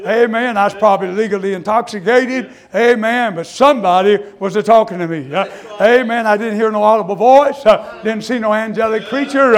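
Delivering his testimony as a fervent sermon, this high-voiced preacher talks a little fast with few pauses, peppering his words with "uh" and "amen" as he swings from quiet confession to shouts.

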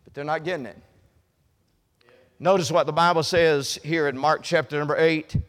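A man preaching a sermon with folksy humor, swinging from quiet asides to loud, shouted emphasis. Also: a little high, fairly even intonation, moderate pace, big-room sound.

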